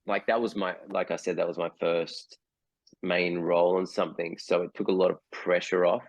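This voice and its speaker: A man's voice: low voice, flat delivery, moderate pace, no echo. A man in his forties with an Australian accent, a guest actor telling stories in a casual video-call interview, hesitant with many fillers.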